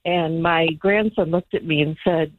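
A woman's voice: sits low, steady tone, normal speed, no room sound. An older woman, a grandmother, calling in to a radio show and telling an earnest story. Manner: earnest, gets choked up. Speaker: caller. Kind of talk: call-in radio testimony. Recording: phone line.

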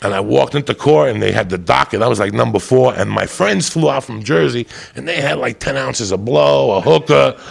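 A man doing stand-up, telling a loud, profane, rambunctious story to a live audience. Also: mid-range voice, expressive, brisk, vocal fry, few pauses, husky. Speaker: stand-up comedian. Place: stage before a live audience.

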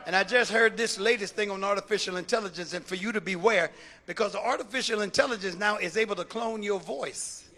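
A man preaching a fiery sermon as a bishop, shouting and repeating phrases rhythmically and calling out to the congregation. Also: high-pitched, a little fast. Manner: shouting, rhythmic repetition, call-and-response.

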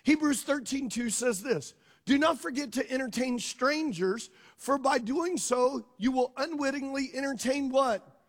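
A middle-aged male pastor preaching a sermon, telling a personal story in an animated way and putting questions to his congregation. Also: very high voice, unhurried.

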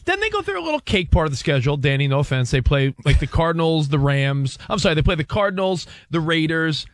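An excitable man on a sports talk show whose voice sits a touch high and swings widely as he argues. He keeps cutting in to press his point. The sound is close and dry. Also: fast talker, dry recording. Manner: excitable, jumps in and interrupts. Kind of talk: lively sports radio banter.

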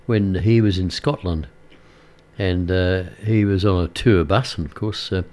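An older man chats on air from a radio studio, his voice sitting fairly low. He rambles easily, filling pauses with ums and uhs and restarting his sentences as he goes. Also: darkish tone. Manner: rambling, many fillers and restarts. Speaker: radio presenter. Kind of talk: casual radio chat.

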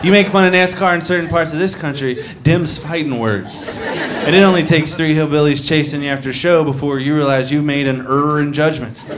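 A man's voice: a little high, brisk. A man doing a stand-up routine in a wry, sarcastic, conversational manner, recorded live with audience noise. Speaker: stand-up comedian.

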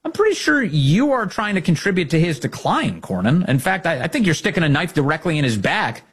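A man's voice: a little high, big pitch swings, a little fast, slightly rough. A man giving sarcastic, mocking political commentary as a host.

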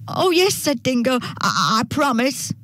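A woman's voice: sits high, very animated, unhurried, fairly bright tone, pitched above the performer's own voice, full character voice. Woman doing a sly, hungry dingo. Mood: pleading. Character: hungry sly male dingo pretending to be a grandma.

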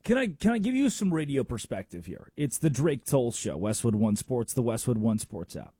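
A man's voice: medium pitch, very animated, normal speed, mellow, breathy edge, no echo, clean studio sound. A man hosting a sports talk radio show, making emphatic arguments with rhetorical questions.

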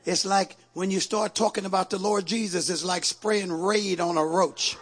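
A man's voice: high voice, steady tone, normal speed, a bit bright, slightly rough. A man preaching a sermon with fervor, repeating questions to his congregation and calling on them to respond. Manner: calls on the crowd for response.

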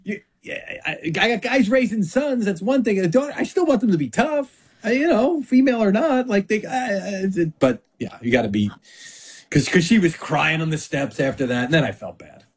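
A man guesting on a sports podcast, chatting casually and telling lively stories with acted-out quotes. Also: high-pitched, normal speed, breathy edge. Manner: animated storytelling with acted-out quotes.

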